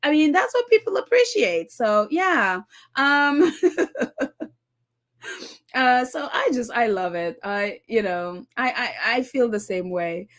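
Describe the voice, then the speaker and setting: A woman's voice: a little high, big pitch swings, takes it slowly, fairly bright tone. A woman hosting a casual commentary show, reading viewer comments aloud and laughing often as she talks. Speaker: commentary channel host.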